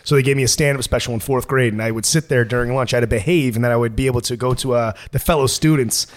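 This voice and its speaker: A man as a podcast guest, telling stories in an energetic, profane, casual way. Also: mid-range voice, fast. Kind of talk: casual chat.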